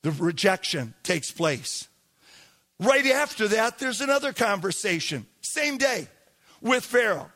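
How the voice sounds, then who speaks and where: A male pastor preaching an animated sermon, asking the congregation to repeat words back. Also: sits high, measured pace. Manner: animated, calls for congregation responses.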